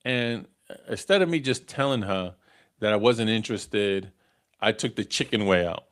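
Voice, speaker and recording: A man's voice: fairly low pitch, moderate pace. Chatty man hosting a podcast. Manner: conversational, tags lines with "right?", chuckles at own stories. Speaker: podcast host. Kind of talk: casual storytelling on a live podcast.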